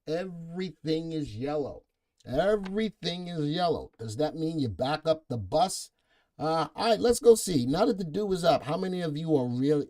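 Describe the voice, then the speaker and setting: A man's voice: a little high, mellow. A middle-aged man hosting a live stock market show, joking with puns and reading viewer comments aloud. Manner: playful, punning, reads viewer comments aloud.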